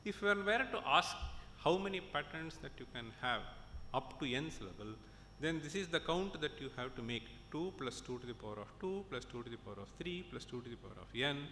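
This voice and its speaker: A man's voice: animated, a little fast, sharp tone. Man lecturing in an echoey hall. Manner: explanatory, checks in with the audience often. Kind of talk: academic conference lecture. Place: conference hall. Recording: echoey hall with faint rumble.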